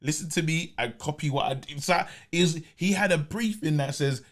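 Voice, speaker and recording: An eager young man, chatting casually as a podcast co-host. His voice sits somewhat high for a man. He backs up his co-host with a stream of quick yeahs. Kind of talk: casual chat.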